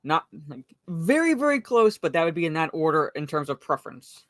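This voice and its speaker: A woman's voice: low voice, sing-song, fairly quick, no echo, studio quality. Chatty woman hosting a live stream. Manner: chatty, greets viewers and reads chat messages aloud, frequent fillers. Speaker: livestream host. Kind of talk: casual live-stream chat about a movie.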